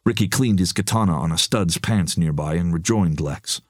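A man with a lowish voice reads an action story aloud in a steady, even way. The recording is dry and close, with no room sound around it. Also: normal speed, no echo. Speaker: audiobook narrator. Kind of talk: scripted narration.

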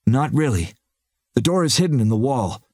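A man putting on a brisk, eager young woman fighter. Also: medium pitch, big pitch swings, darkish tone, no room sound, clean studio sound, pitched above the performer's own voice.

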